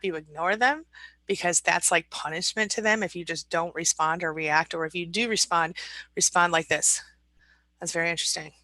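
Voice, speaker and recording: A woman coaching viewers on a live stream, reading their comments aloud and chatting back in a warm, rambling way. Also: on the low side, no room sound, rough recording.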